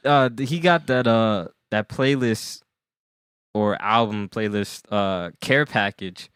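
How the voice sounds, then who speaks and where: A man co-hosting a podcast in casual chat, mostly giving short replies and quick remarks. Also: fairly low pitch, fairly bright tone, clean tone, no room sound, studio quality. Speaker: podcast co-host.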